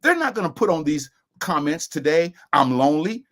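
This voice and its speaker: A man's voice: a little high, sing-song, a little fast, fairly bright tone, a little hiss or hum. A middle-aged man co-hosting a casual discussion broadcast, talking in an emphatic, preachy way. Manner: preachy, emphatic, sings and repeats lines. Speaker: co-host.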